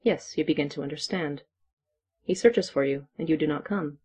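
Reader doing a gruff old she-wolf, storybook, terse clipped lines, husky low tone. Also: normal speed, darkish tone, close to an everyday voice. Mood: blunt.

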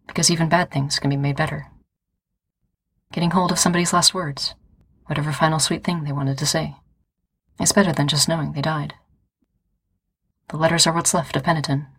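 A woman narrating a story in a calm, measured reading voice. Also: low-pitched, breathy edge, no room sound. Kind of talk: audiobook-style story reading.

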